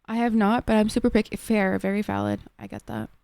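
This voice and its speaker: A young woman from Egypt streaming from her home desk, chatting with viewers in a loose, profane way. Her voice carries a gravelly fry, sitting at a middle pitch for a woman, and the sound is close and dry. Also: big pitch swings, brisk, a little mellow, dry recording. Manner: chatty, lots of "like", frequent swearing. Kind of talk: casual chat answering viewers.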